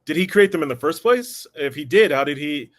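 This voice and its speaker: A man in a casual movie review, speaking in a measured way and explaining points with industry terms. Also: on the high side, animated.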